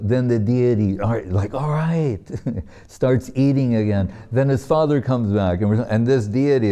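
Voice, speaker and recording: Slow, dark-voiced man teaching. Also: lowish voice. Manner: gentle, unhurried, with frequent soft laughs. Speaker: spiritual teacher. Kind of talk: devotional class storytelling.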